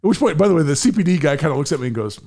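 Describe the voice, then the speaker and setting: Animated, profane storytelling man. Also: on the high side, racing. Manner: profane, emphatic, acts out voices in anecdotes. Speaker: podcast guest, firearms attorney.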